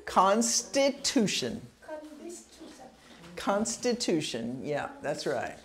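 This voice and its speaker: A woman's voice: on the low side, very animated. A woman teaching a citizenship test class, patiently drilling pronunciation and sounding out words syllable by syllable. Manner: slow, patient, over-enunciating words.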